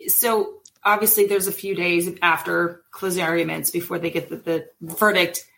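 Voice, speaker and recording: A woman's voice: on the low side, normal speed, gravelly. A woman in her thirties or forties co-hosting a casual true-crime podcast, retelling events and acting out quotes with animation. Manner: animated storytelling, acts out quotes. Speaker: podcast co-host.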